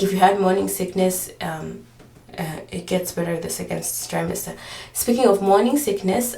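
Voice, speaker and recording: A woman's voice: medium pitch, creaky, darkish tone, reverberant, recorded from a distance. A pregnant woman vlogger chatting casually, rambling with lots of fillers and often short of breath. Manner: rambling, filler-heavy storytelling. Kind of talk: casual chat.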